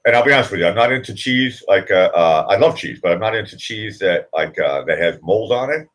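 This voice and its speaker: A man hosts a casual live chat, rambling from one joke to the next and laughing often. His voice sits low but swings widely and animatedly in pitch. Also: expressive, a little fast, a bit bright. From United States. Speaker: livestream host.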